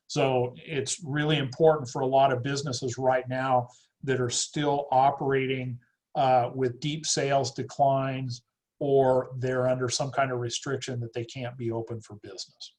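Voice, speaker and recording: A man's voice: mid-range voice, darkish tone, low-quality recording. A man who is an accountant, speaking matter-of-factly as he wraps up a webinar talk on a video call. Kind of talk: webinar presentation.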